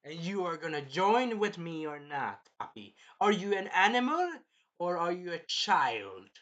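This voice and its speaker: A man's voice: high voice, big pitch swings, unhurried, a bit bright, full character voice. A man voicing a scheming female vampire villain, sneering and profane, in a casual retelling. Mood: scornful.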